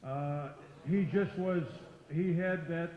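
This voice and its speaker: A man's voice: a little high, takes it slowly. An older man, a former wrestler, telling blunt, profane stories to a live audience. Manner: gruff, profane, outspoken. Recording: roomy hall, muffled sound.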